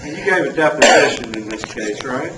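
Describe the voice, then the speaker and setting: A man's voice: mid-range voice, lively intonation, fairly quick. Pressing male attorney in echoey courtroom. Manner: pointed, pressing questions. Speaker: defense attorney. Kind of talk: courtroom cross-examination. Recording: echoey courtroom audio from far off, with noise.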